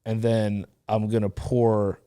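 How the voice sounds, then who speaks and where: A man's voice: lowish voice, little pitch movement, takes it slowly, mellow, smooth, no echo. Podcast co-host, man, crude joker, dry close sound. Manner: crude, absurd storytelling. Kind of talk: casual improv chat.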